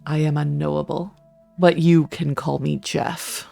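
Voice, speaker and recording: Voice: medium pitch, flat delivery, creaky. A streamer voicing a gloomy murdered ghost. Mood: solemn. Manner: slow, hushed, dramatic pauses. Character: gloomy murdered male ghost, solemn and slow. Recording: soft music behind.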